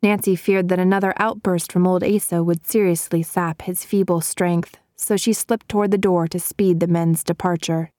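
A woman narrating a story in a measured, clear manner. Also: on the low side, steady tone, mellow, no echo, clean studio sound. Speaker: audiobook narrator. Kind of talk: scripted narration.

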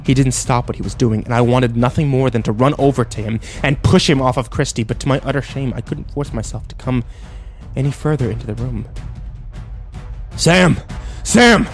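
A man narrating a dark first-person story in a tense, emotional way. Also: medium pitch, steady tone, fairly quick, faint music behind.

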